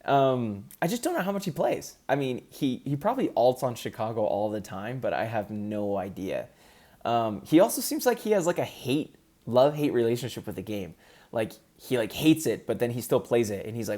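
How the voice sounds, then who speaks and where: Upbeat chatty man, medium pitch. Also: sing-song, moderate pace, a little mellow. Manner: chatty, upbeat, frequent ums. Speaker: competitive gamer ranking players. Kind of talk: casual prediction commentary.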